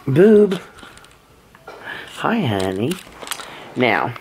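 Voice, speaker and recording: Chatty man with a lively voice. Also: medium pitch, slight background noise. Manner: chatty, laughs often, talks to his pets. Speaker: vlogger. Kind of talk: casual daily vlog chat.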